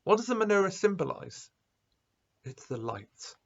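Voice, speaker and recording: A man speaking as a rabbi at a school assembly, telling a story with lively quoted dialogue. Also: sits high, moderate pace, creaky, highs cut off. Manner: animated storyteller, acting out quoted voices.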